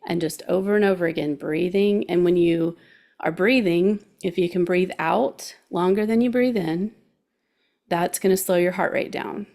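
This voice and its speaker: A woman's voice: on the low side, a little mellow. A woman hosting a guidance show, talking through emotions in a chatty, encouraging way and laughing easily. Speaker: show host giving life guidance. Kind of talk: casual coaching talk.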